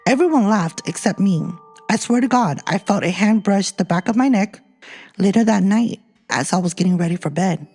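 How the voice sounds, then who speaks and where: A woman's voice: mid-range voice, expressive, moderate pace, darkish tone, soft background music. Woman host reading ghost stories. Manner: reads listener ghost stories, breaks into chatty asides. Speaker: podcast host. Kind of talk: casual storytelling podcast.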